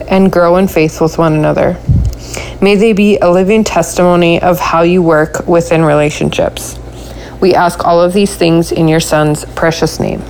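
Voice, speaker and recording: Woman from saskatchewan praying, measured and formal, lowish voice, light hiss. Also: darkish tone, poor audio. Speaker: caller. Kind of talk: phoned-in prayer message.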